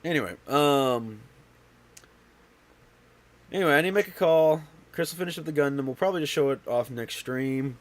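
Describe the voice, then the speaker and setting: A man's voice: a little high, lively intonation, moderate pace, long pauses. A man hosting a casual home livestream, stuffy and out of breath, talking in a tired, rambling way full of fillers and restarts. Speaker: livestream host.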